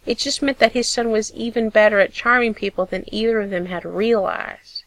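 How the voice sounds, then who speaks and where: A woman narrating a piece of fiction in a steady, measured storytelling voice. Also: on the high side, no echo, low-quality recording. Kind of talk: audiobook reading of fiction.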